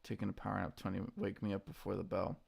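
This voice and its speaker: A tired man streaming his stock trades, talking in a quiet, subdued morning voice and reading out viewers' names in a laid-back way. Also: low voice, flat delivery, fast talker, creaky, slightly rough. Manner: laid-back, reads chat names aloud. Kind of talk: casual live-stream chat.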